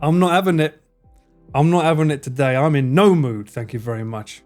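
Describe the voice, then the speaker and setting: A young man with a London accent chatting casually on a live stream, animated and bantering, swearing freely. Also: on the high side, brisk, faint music behind. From England.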